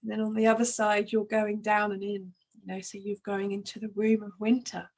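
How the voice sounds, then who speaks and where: A woman hosting a spiritual astrology talk, speaking in a soft, flowing way with many "you know"s. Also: medium pitch, monotone, a little fast, poor audio. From Northern Hemisphere. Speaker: astrology channel host. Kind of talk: spiritual monologue to camera.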